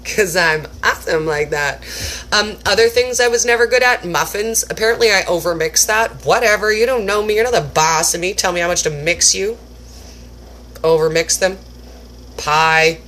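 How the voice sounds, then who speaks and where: A woman talking straight to camera in a casual cooking vlog, with a bright, forward voice. She is animated and pokes fun at herself, and slips into overdone voices to act out how she used to react. A faint hum of room ambience sits under her talk. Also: mid-range voice, normal speed. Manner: animated and self-mocking, acts out her own past reactions in exaggerated voices. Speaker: cooking vlogger.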